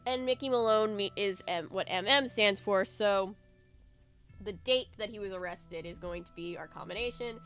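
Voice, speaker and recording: A woman's voice: medium pitch, normal speed, fairly bright tone. Woman as game host, casual commentary, coughing, faint music behind. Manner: chatty, self-deprecating, thinks aloud. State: coughing, allergies. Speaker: let's play host.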